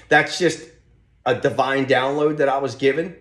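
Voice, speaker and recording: Animated, motivational male podcast guest. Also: mid-range voice, moderate pace. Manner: animated storyteller, motivational, talks in loose restarts. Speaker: podcast guest, real estate team leader. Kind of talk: podcast conversation, storytelling. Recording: roomy echo.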